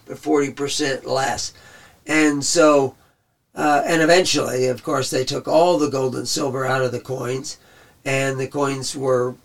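Gravelly man teaching scripture off-mic. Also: mid-range voice, fairly bright tone, distant mic. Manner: rambling, conversational. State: losing his voice. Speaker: Bible teacher. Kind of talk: casual Bible teaching.

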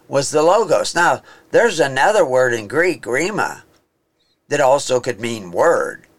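A man talks through scripture in an informal teaching style, slow and unhurried. He rambles, stops to restart his sentences and fills the gaps with ums and uhs. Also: mid-range voice, fairly bright tone. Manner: rambling, halting, with many fillers and restarts. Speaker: Bible teacher. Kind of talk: informal Bible teaching talk.

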